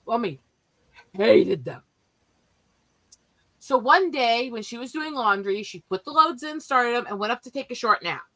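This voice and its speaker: A woman telling family stories in a casual chat, animated and profane, often laughing as she talks. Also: a little high, normal speed, long pauses, low-quality recording.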